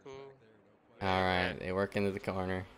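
A young man hosting a live reaction to a truck race, laughing, shouting and swearing as he comments. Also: sits low, measured pace, smooth. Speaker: channel host reacting to a race.

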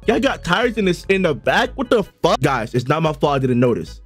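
Animated, excitable young man streaming. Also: on the high side, normal speed, few pauses, slightly rough, faint music behind. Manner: loud, excitable, profane, bursts into shouts. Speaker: streamer reacting to a riddle video. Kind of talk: casual live reaction.

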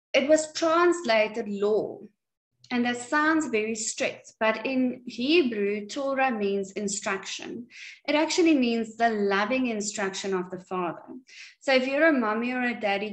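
A woman teaching a Bible study at home in an earnest, unhurried way with some fillers. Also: on the high side. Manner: slow, earnest, with frequent fillers. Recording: echoey room.

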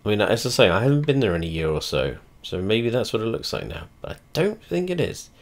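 A man's voice: lowish voice, sing-song, fast talker. A man, rambling casually and swearing a lot as he comments while playing a flight simulator. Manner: rambling, heavy swearing, blunt and chatty; trails off and restarts often. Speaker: video creator.

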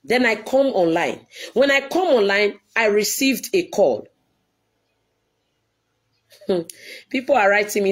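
A woman's voice: medium pitch, animated, measured pace, long pauses. A woman, a church leader, giving an earnest, pleading video address to her followers and repeating herself often.

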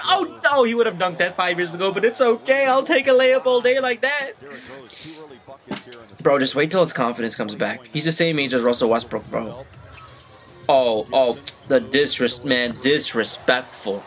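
Man, reaction video host, high voice, wildly swinging pitch, slangy, hollers at the screen. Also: normal speed. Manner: excitable, yelling and hollering at the players; slangy street talk. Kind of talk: live reaction commentary while watching highlights.

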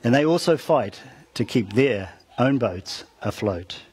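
A man preaching, retelling a Bible story with dramatic rises and soft, trailing ends, turning to the listeners with asides. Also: medium pitch, animated, a little slow, breathy edge. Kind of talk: storytelling sermon.

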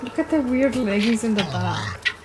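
A woman's voice: on the high side, sing-song, moderate pace. A woman gaming streamer who chats casually, swears and jokes at the game while she plays. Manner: chatty, swears, laughs at the game. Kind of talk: casual let's-play commentary. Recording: noisy home stream mic.

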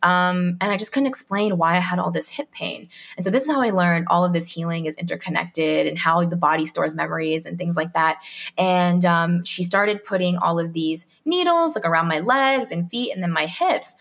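A woman speaking as a podcast guest. Her voice sits a little low. She talks in a chatty, storytelling way, full of "um" and "like," and acts out what people said. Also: moderate pace, fairly bright tone. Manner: chatty storytelling, reenacts dialogue, frequent "um" and "like". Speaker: guest, mindset coach. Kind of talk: podcast interview.

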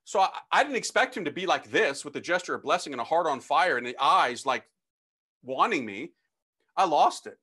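A man who is a priest, from the United States, telling his own testimony to an audience in an animated, slangy, emphatic way. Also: a little high, brisk. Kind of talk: personal testimony talk to an audience.

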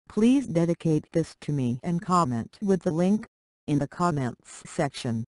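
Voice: mid-range voice, lively intonation, unhurried, no room sound. Reader going through contest rules in a plain list-like way, dry close sound. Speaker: story reader. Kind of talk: reading a story contest announcement.

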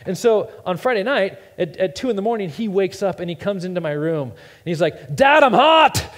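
Pastor preaching in a reverberant church. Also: male voice, high voice, a little fast, darkish tone. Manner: casual storytelling, repeats words, self-deprecating. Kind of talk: sermon. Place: church sanctuary. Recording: long reverb in a church hall.

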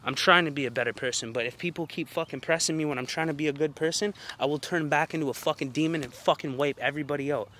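A man's voice: a little high, fast, hardly any pauses, a bit bright. Guy ranting into his phone outside, cursing nonstop, rambling and combative, bit of faint noise. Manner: profane, rambling and confrontational. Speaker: vlogger. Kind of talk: casual rant to camera. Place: outdoors at night among mosquitoes.

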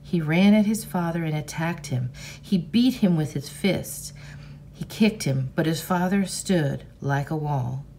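A teacher reading a novel aloud to her class in a measured, expressive storybook manner. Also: deep voice, slight background noise.

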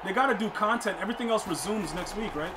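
A man's voice: high-pitched, quick pace, very noisy. A young man streaming a football video game, rambling in casual commentary, laughing a lot and repeating catchphrases. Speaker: gaming streamer. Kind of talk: casual live gameplay commentary.

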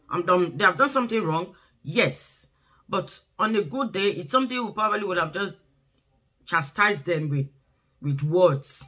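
A woman's voice: mid-range voice, pushed and bright. A middle-aged woman, hosting a relationship talk and giving earnest, preachy advice. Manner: earnest, exhorting, acts out quoted voices.

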